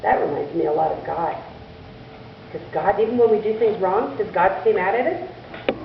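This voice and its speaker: A woman telling a church children's story in an animated way, asking the children questions as she goes, in a distant, echoey church recording. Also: medium pitch, moderate pace, creaky, highs cut off, noisy background. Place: church sanctuary.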